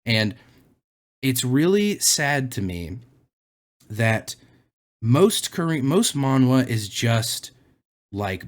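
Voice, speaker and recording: A young man hosting a casual unscripted commentary video, sarcastic and exasperated, jumping to high incredulous outbursts as he reads and mocks viewer comments. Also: sing-song, extremely slow, pauses often. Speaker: anime commentary youtuber.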